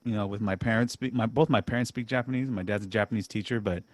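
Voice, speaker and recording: A relaxed man hosting a casual podcast, his voice sitting low and recorded dry and close. He is self-deprecating and quick to laugh, often restarting his sentences as he talks things through. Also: dry recording. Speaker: podcast host. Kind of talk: casual chat.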